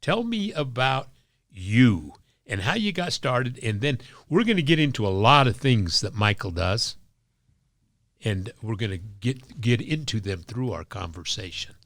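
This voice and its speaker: A man hosting a podcast, introducing his guest in an unhurried way and prompting the interview with short affirmations. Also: mid-range voice, big pitch swings, a bit bright, dry recording, studio quality. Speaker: podcast host.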